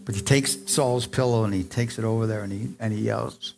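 A man's voice: on the low side, fairly even intonation, a little fast, creaky, a little mellow, soft background music. A man preaching a sermon who tells stories, acts out voices, reads scripture and asks the congregation questions.

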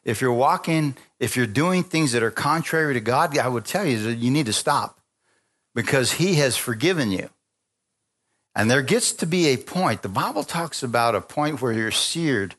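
A man's voice: medium pitch, normal speed. A middle-aged man preaching a sermon, telling personal stories and acting out the voices in them. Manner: animated storytelling, acting out voices. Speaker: pastor.

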